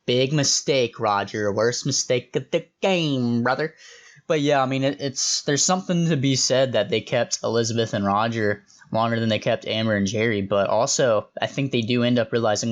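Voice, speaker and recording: A man's voice: medium pitch, moderate pace, dull audio. Chatty young man giving opinionated commentary. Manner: chatty and opinionated, loose slangy asides. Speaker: host reviewing reality show contestants. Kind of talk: casual commentary.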